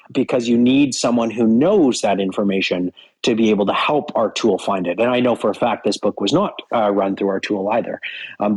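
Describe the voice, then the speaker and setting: A man's voice: lowish voice, a little mellow, slightly rough, poor audio. A man, a company CEO guest in an interview, talking in a direct, earnest way and explaining things with examples. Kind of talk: casual interview chat.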